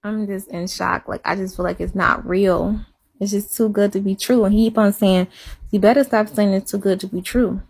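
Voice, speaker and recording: A woman chatting casually and confessionally, rambling and repeating herself, sometimes dropping to a hush. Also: medium pitch, steady tone, normal speed, breathy edge. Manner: rambling, repeats herself, soft and hushed at times. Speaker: live-stream chatter.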